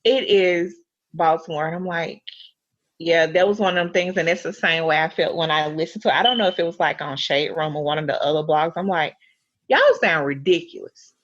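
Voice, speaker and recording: A young woman with a husky, lowish voice co-hosts a casual podcast. She jokes and laughs through quick, playful asides. Her audio is muffled and lo-fi, like a remote call. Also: fairly even intonation. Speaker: podcast co-host. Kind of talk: casual chat.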